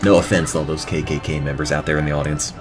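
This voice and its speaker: A man's voice: a bass voice, steady tone, fast. A man from New Jersey giving dry, sarcastic commentary while playing a video game. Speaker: let's play commentator. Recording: game music behind the voice.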